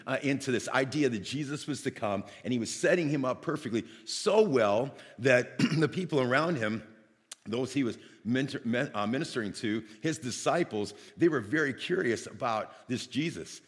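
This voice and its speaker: A man from Northeast Ohio preaching a sermon, telling a lively personal story and acting out the dialogue. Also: medium pitch, in a large hall. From Northeast Ohio, United States.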